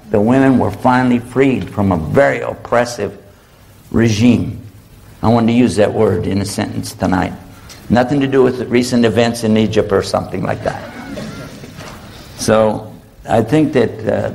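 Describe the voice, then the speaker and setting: A man giving an Islamic lecture to a live audience in a hall, humorous and animated, leading the crowd in call-and-response. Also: lowish voice, vocal fry.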